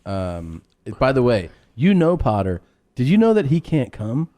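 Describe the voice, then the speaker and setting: A man's voice: medium pitch, big pitch swings, normal speed, warm tone. A man hosting a podcast in casual, teasing chat. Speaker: podcast host.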